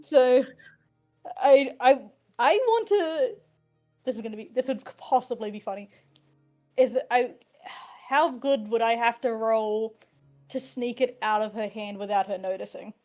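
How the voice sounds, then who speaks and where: Woman, tabletop game player, giggly, joking, higher voice, faint music. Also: a little slow, a little mellow. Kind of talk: casual tabletop game play.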